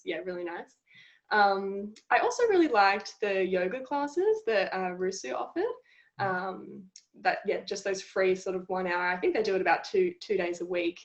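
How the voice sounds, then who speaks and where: Young woman, interview guest, friendly, thoughtful, mid-pitched, muffled lo-fi audio. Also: roomy sound. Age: young adult. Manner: friendly, thoughtful, many fillers. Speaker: psychology tutor and guest. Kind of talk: casual interview answers. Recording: dull lo-fi sound.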